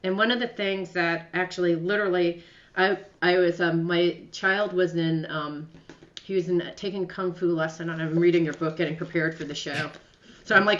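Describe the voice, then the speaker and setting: A woman's voice: lowish voice, fairly even intonation, moderate pace, fairly bright tone. Effusive woman radio host, roomy sound. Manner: effusive, emotional, laughs while talking. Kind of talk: interview, casual chat. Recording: roomy, slightly dull sound.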